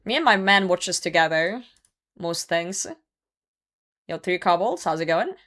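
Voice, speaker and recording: A woman's voice: fairly low pitch, lively intonation, unhurried, a bit bright. A young woman streaming a game and chatting casually, reading chat messages aloud and laughing often. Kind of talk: casual gaming livestream chat.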